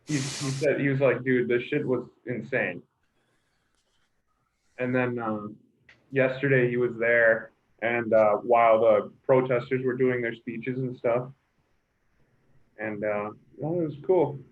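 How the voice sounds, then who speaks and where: A man's voice: mid-range voice, measured pace, long pauses. A man in casual chat, rambling with many fillers as he recounts events. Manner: rambling, filler-heavy, excitable. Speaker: podcast co-host. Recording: tinny phone-like line.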